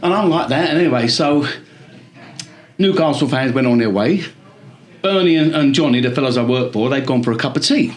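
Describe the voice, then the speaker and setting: A middle-aged man with a London accent, co-hosting a casual football chat and telling animated stories full of swearing. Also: mid-range voice, a little fast. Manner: animated storyteller, swears freely. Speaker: podcast co-host.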